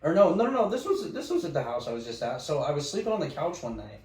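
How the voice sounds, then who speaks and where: A man's voice: fairly high pitch, sing-song, fast talker, darkish tone. A man co-hosting a casual podcast, telling a dream story in a loose style full of "dude" and "like.". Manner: loose, says "dude" and "like" a lot. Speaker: podcast co-host. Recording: roomy sound, distant from the mic.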